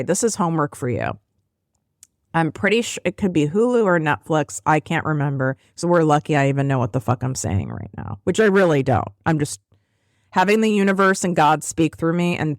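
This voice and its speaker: A woman podcast host with a lowish voice delivers a raw motivational monologue while close to tears. She talks bluntly and swears freely, often leaping up in pitch for emphasis. The recording is close and dry. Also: dry recording. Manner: blunt and profane, voice rising into high emphatic peaks. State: tearful. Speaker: podcast host and business coach.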